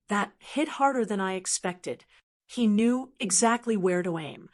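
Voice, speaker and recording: A woman in her sixties telling a first-person story in a steady, measured scripted narration. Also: medium pitch. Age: 60s.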